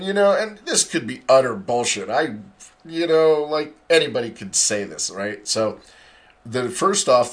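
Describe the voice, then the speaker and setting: A middle-aged man hosting a podcast, telling a rambling, profane story in a casual monologue. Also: fairly low pitch.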